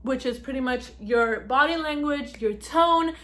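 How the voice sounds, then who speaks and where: A young woman vlogging at home, giving chatty advice to the camera, laughing often and talking fast. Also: sits high, fairly bright tone. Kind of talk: casual talk to camera.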